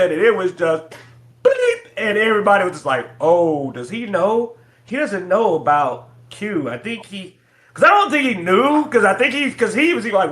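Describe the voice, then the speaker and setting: A man's voice: high voice, pushed and bright. A man co-hosting a casual livestreamed chat over an online call, telling stories animatedly and laughing often. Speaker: co-host.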